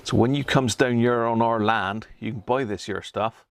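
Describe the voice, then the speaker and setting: A man voicing a joking, folksy West Country yokel with a put-on West Country accent and a slow mock-rustic drawl. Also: medium pitch, fairly even intonation, dry recording, close to an everyday voice. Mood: jokey.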